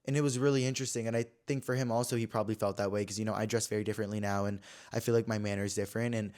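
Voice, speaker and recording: Fast-talking young man telling a story. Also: on the low side, steady tone, darkish tone. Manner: chatty, filler-heavy, swings between dramatic and subdued. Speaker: podcast host. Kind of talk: casual storytelling chat.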